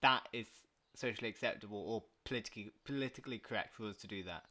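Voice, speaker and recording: A man's voice: quick pace, pushed and bright. Argumentative young Englishman in casual debate. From England. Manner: argumentative, rising in pitch and volume when pressing a point. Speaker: podcast co-host.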